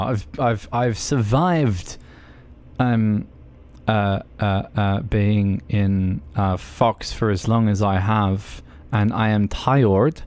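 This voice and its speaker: A man's voice: fairly low pitch, slow, a little mellow. A man streaming a driving game, chatting in a rambling, hesitant way with many fillers and restarts. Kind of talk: casual gaming stream chat.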